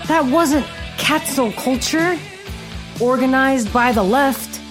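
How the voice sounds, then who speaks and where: A woman's voice: high voice, slow pace, music in the background. A middle-aged woman hosting a podcast, telling a story in a blunt, sarcastic, profane rant. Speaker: podcast host.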